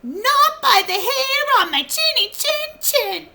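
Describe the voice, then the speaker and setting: A woman voicing a small, wary little pig who answers the wolf in a squeaky, defiant voice for a storybook. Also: very animated, takes it slowly, creaky, sharp tone, exaggerated voice.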